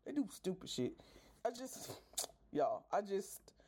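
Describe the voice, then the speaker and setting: A woman's voice: medium pitch, sing-song, measured pace, mellow, breathy edge. A woman hosting a podcast, ranting casually and profanely with exasperated bursts of laughter. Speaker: podcast host.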